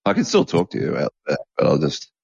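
Man, very low voice, rambling casual podcast talk, chuckles and swears offhandedly, dry dull lo-fi sound. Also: huge pitch swings, a little fast, creaky, a little mellow, breathy edge, no echo. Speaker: podcast co-host. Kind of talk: casual chat. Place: home balcony.

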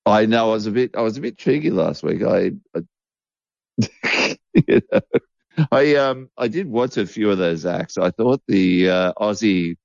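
A man's voice: on the low side, expressive, a little slow, creaky, a little mellow, no echo, highs cut off. A man co-hosting a casual chat, joking crudely and restarting his sentences often. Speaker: podcast co-host.

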